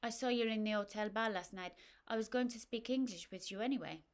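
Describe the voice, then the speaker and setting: A cheery, blunt French woman who speaks abruptly yet endearingly, her voice set higher and louder than the storyteller's own, as a woman puts her on. She presses her point with easy insistence in a storybook reading. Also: brisk, lightly acted.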